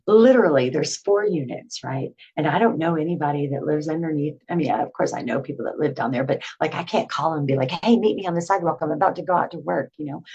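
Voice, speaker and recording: Chatty husky-voiced woman telling her story. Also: low-pitched, dull audio. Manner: chatty and animated, with filler words and laughs. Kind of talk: casual storytelling to camera.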